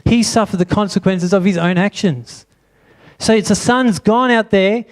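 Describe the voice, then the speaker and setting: A man's voice: high voice, normal speed. A man preaching a sermon in church, asking the congregation question after question. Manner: asks the congregation many rhetorical questions. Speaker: pastor.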